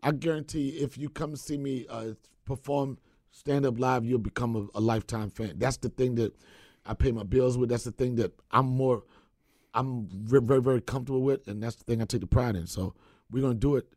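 A man who tells his story with animated energy, acting out what others said and laughing along the way. His voice is dark and mellow with a husky edge, and it sounds dry and close to the mic. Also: medium pitch, fairly quick, no room sound. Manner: animated storyteller, acts out quotes, laughs often. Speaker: comedian guest. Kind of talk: casual storytelling chat.

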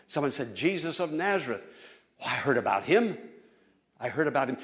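A male pastor preaching a sermon, building to loud, fervent appeals to the congregation. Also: medium pitch, lively intonation, fairly quick.

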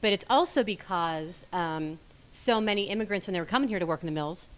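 A woman chatting as a podcast guest, talking in an enthusiastic, animated way about her own show. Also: fairly low pitch, a little fast. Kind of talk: casual chat.

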